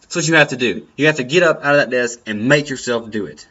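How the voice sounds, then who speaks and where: A man's voice: medium pitch, fast, a bit bright. A young man giving earnest, encouraging advice in a personal talk, often repeating his phrases. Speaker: vlogger. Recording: dull lo-fi sound.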